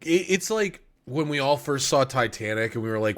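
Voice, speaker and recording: A man with an ordinary mid-range voice chats on a podcast about an anime he loves. He is emphatic and excitable, and he swears casually all through his talk. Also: medium pitch, normal speed, hardly any pauses. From United States. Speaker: podcast co-host. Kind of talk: casual anime review chat.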